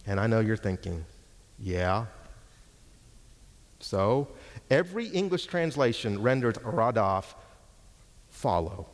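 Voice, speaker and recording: Slow man preaching in a hall. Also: lowish voice, very animated. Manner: slow, emphatic, repeats words for stress. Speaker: Hebrew teacher preaching. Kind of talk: sermon with Bible exposition. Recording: long hall reverb.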